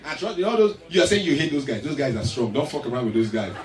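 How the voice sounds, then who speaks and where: A man performing stand-up, his pitch swinging lively through an animated story. The sound is roomy and picked up from a distance, with a large audience around him. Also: fast. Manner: animated storytelling with acted voices. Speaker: stand-up comedian. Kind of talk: stand-up comedy. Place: live comedy stage. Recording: echoey live hall, mic from afar, crowd.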